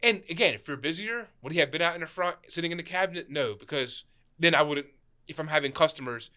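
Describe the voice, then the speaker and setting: A young man who owns a shop, telling stories in a casual chat, animated and laughing, tagging his sentences with "right?". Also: fairly high pitch, quick pace, smooth. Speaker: store owner, podcast guest.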